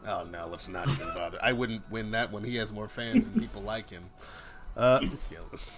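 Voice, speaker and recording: A man's voice: on the low side, big pitch swings, a little fast, over music. A man hosting a casual work stream, playful and jokey as he chats. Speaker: streamer host.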